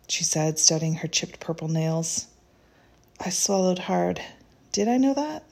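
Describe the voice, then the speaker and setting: A woman reads a reflective first-person story in a gentle, unhurried, tender manner. Her voice is low and husky, with a gravelly edge. The tone stays mellow and soft. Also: steady tone.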